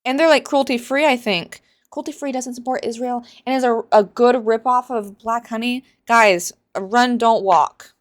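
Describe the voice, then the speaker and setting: A woman's voice: fairly high pitch, moderate pace, few pauses. Sarcastic, exasperated young woman vlogger. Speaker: book reaction vlogger. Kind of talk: casual reaction commentary.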